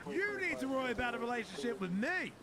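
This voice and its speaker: A man's voice: very high-pitched, big pitch swings, fast talker. A man doing a furious short Australian hothead. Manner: furious threats, yelling and swearing. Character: short-tempered small Australian man, violent and shouting. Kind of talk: roleplay game clip. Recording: game clip with loud crowd noise.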